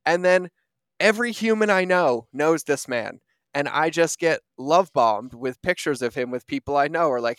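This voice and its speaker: A male podcast host with a smooth, resonant voice pours out effusive praise and casual, filler-laden questions. His pitch sits mid-range, and the sound is dry and close. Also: moderate pace, a bit bright, dry recording. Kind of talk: casual conversation.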